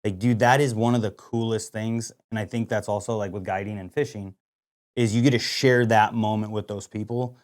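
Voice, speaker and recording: Casual male podcast co-host, lively storyteller who acts out what people said. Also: fairly low pitch, moderate pace. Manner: animated storyteller, lots of "like" and quoted dialogue. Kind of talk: casual hunting story chat.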